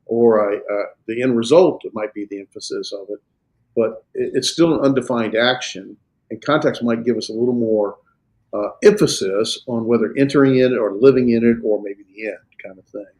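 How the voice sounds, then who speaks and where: A man's voice: mid-range voice, normal speed, darkish tone. Man explaining Greek grammar to a class. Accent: American Southern. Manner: explains patiently with many fillers and restarts. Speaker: Greek instructor. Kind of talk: classroom lecture and Q&A.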